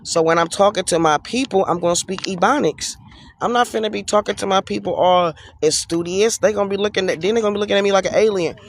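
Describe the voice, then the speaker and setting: A man in his forties with a rather high voice, venting in a blunt, heated, profane way. He is recorded outdoors, with street and traffic noise clearly heard behind him. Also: fast talker. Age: 40s. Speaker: vlogger. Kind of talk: casual ranting monologue.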